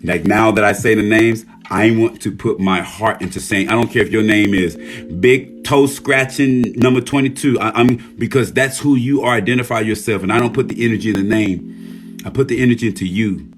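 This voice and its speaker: A hoarse man hosting a casual livestream, reading out viewer names and speaking earnestly, with frequent swearing. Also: fairly low pitch, a little fast, soft background music. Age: adult, a military veteran. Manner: warm shout-outs reading viewer names. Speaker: livestream host.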